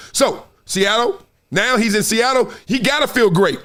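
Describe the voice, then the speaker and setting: A man riffs on football standings as the host of his own show, his voice sitting fairly high. He talks loosely and animatedly, full of slang, and now and then lapses into a playful sing-song. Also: lively intonation, unhurried, a bit bright. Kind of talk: casual sports commentary monologue.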